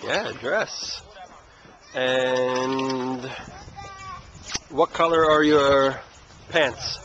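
A man's voice: mid-range voice, extremely slow, fairly bright tone, lo-fi sound. Patient father filming at a playground. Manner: patient, coaxing questions. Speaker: language teacher and father. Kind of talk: casual outdoor language lesson. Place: outdoor playground. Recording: noisy outdoor camera audio.

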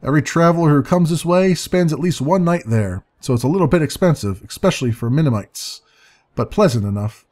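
A man voicing a tiny, cheeky male winged sprite with a shrill, squeaky voice. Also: lively intonation, fairly quick, darkish tone, natural voice. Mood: chirpy. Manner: cheeky, impatient.

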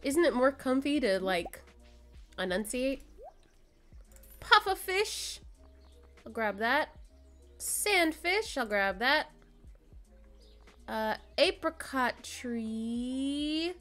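A young woman chats her way through a cozy farming game in an unhurried stream. Her fairly high voice swings widely in pitch, and she breaks into giggles often. Soft game music plays faintly behind her. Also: big pitch swings. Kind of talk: casual gameplay chat.

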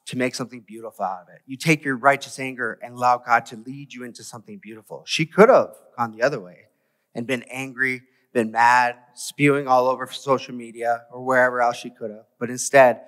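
A man preaches in a loose, conversational way, tossing rhetorical questions at his listeners. His voice sits at an ordinary middle pitch. The sound carries the long reverb of a large church hall. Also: fairly bright tone. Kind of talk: sermon. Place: church sanctuary.

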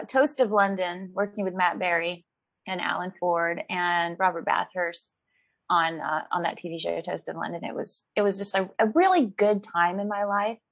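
Brief: woman guest, chatty and animated, quick laughs, dry close sound. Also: fairly low pitch, no room sound. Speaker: actress guest. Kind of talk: casual interview chat.

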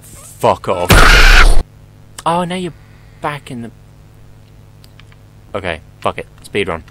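A man's voice: on the low side, big pitch swings, measured pace, long pauses, soft background music, low-quality recording. A young man commentating his horror gameplay, rambling and joking, swearing often and talking back to the game.

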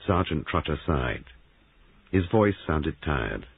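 A man narrating a mystery novel as an audiobook with animated storytelling. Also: rumbling low, moderate pace, vocal fry, breathy edge, no room sound. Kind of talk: reading a mystery novel aloud. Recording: tinny band-limited recording.

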